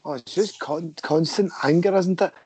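A man's voice: fairly high pitch, moderate pace, dark tone, slightly rough. A man, chatting bluntly as a podcast co-host, tagging his remarks with questions. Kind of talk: casual film discussion.

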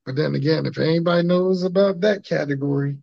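Gravelly laid-back podcast host guy. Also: a little high, quick pace, a little mellow, dry recording. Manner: laid-back slangy banter. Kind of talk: casual chat. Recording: dull lo-fi sound.

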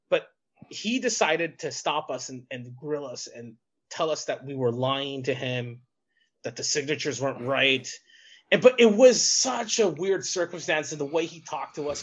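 Husky animated man telling a story. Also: a little high, highs cut off. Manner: rambling storyteller with many restarts and swearing. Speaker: podcast co-host, wrestling coach. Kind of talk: casual chat, telling an anecdote.

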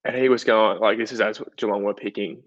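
A young Australian man tells a story in a loose, chatty way, throwing in lots of fillers as he goes. His voice sits a little low. The recording is dull and lo-fi in a dry, dead room. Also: a little fast, no room sound. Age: young adult. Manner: chatty, filler-heavy, animated retelling. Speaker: guest footballer. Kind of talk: casual interview storytelling. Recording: dull, dry lo-fi podcast audio.

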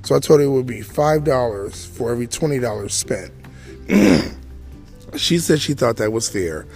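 A man's voice: mid-range voice, expressive, moderate pace, darkish tone, faint music behind. A man in his forties telling his own story as a podcast host, chatty and full of asides to the listener. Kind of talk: storytelling monologue.

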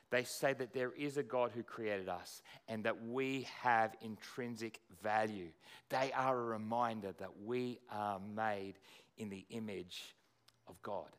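A man preaching a conversational sermon as pastor, often restarting and repeating words. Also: medium pitch.

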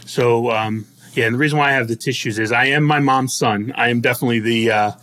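A man's voice: medium pitch, steady tone, fast talker, fairly bright tone. A middle-aged man co-hosting a podcast, telling personal stories in casual chat with jokes and frequent laughs. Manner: joking, self-deprecating storyteller who laughs often. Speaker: podcast co-host.

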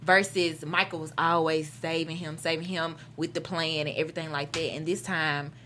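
A woman's voice: sits low, steady tone, moderate pace, pushed and bright, slight background noise. A woman co-hosting a casual panel chat, eager and loose with her grammar. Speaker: co-host.

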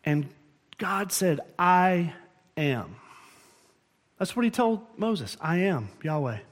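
A man's voice: sits high, sing-song, slow pace. A man preaching as pastor in a church, explaining scripture earnestly and often restarting his phrases. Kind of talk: sermon. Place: church sanctuary.

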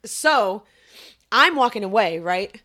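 A young woman co-hosting a podcast. She tells a story in loose, casual chat. Her voice sits in a middling range, and her telling is animated, with plenty of swearing. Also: medium pitch, normal speed. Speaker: podcast co-host.

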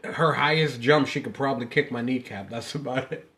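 Brisk and medium-pitched, a male podcast co-host spins family tales in a casual show. His storytelling is lively and full of profanity, and he performs the quotes himself.

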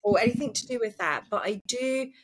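Speaking as a guest author on a casual podcast, a British woman with a posh accent chats thoughtfully and pokes fun at herself despite having a cold. Her voice sits on the high side, with lively intonation and a fairly quick pace.

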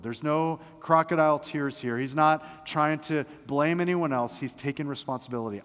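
A man's voice: a little high, normal speed, hardly any pauses. Preaching man in a reverberant church. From Florida, United States. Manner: conversational, dramatic reading of scripture. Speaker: pastor. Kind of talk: sermon. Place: church sanctuary. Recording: long hall reverb in a church.

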